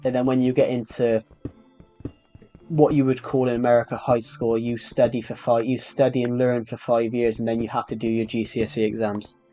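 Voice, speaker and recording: A young man rambles through a casual game stream, his throat a little sore. He talks at an ordinary middle pitch, restarting sentences and filling gaps with ums as he plays. Faint music sits underneath. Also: level tone, a little fast, mellow. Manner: rambling, chatty, with frequent restarts and fillers. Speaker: gaming streamer. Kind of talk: casual live-stream chat while playing.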